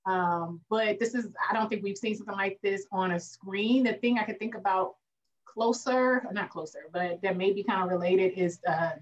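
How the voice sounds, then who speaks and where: A woman co-hosting a casual movie review podcast, speaking, animated, acting out lines from the film and laughing often. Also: medium pitch, brisk, hardly any pauses, far from the mic, highs cut off. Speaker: podcast co-host.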